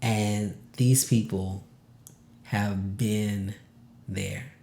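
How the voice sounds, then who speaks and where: A man hosts a podcast in a slow, unhurried way, speaking from the heart and fighting back tears. He stresses words by repeating them. His voice rings in an echoey room. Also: fairly low pitch, fairly even intonation, dark tone, a little hiss or hum. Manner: emotional, close to tears, laughing through it; casual, repeats words for emphasis. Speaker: podcast host.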